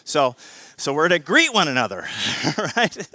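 Middle-aged male pastor, energetic sermon delivery, tense and sharp tone, dry sound. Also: on the high side, a little slow, no room sound. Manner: animated, swings between loud emphasis and quiet intensity, repeats words, asks "right?".

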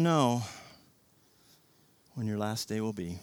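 A man preaching a sermon as pastor, passionate, swinging from hushed storytelling to loud, emphatic exhortation. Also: on the low side, lively intonation, unhurried, pauses often, smooth, no echo.

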